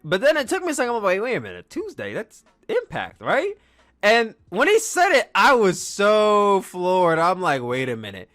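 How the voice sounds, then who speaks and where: Excitable male podcast host, casual rambling recap, higher pitch, bright edge. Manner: excitable, rambling, acts out quotes.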